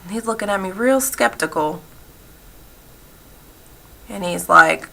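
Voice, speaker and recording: With a gravelly mid-range voice that sounds pushed and bright, a woman voices a personal story from sign language. The delivery is halting and repetitive, packed with fillers.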